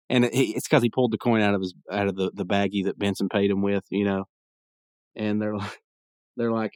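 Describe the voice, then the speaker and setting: A man's voice: on the low side, level tone, fairly quick, a little mellow, no room sound, clean studio sound. A man hosting a podcast, recapping a cartoon episode in casual, rambling talk full of fillers and opinionated asides. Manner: rambling and digressive, many fillers. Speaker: podcast host.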